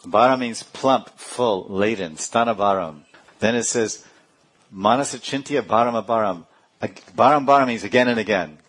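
A man's voice: lowish voice, normal speed, fairly bright tone, husky. A middle-aged man giving a devotional lecture, reciting Sanskrit verses and explaining them with a laugh now and then. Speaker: spiritual teacher.

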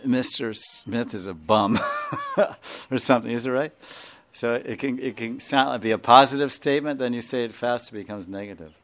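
A spiritual teacher with an Indian accent gives an informal class in a mid-range, fairly bright voice. He rambles, chuckles, and often asks his listeners to confirm what he's saying.

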